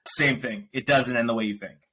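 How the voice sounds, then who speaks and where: A man's voice: mid-range voice, brisk, poor audio. A man hosting a podcast, chatting casually and ranting animatedly about films and shows he watched. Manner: animated, ranting, laughs often. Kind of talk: casual review chat.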